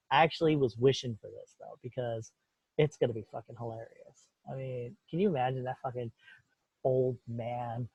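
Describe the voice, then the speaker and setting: A man's voice: fairly high pitch, husky, dry recording. A man hosting a podcast, talking in a profane, heated, rambling way. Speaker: podcast host. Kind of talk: casual opinionated chat. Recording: dull lo-fi dry recording.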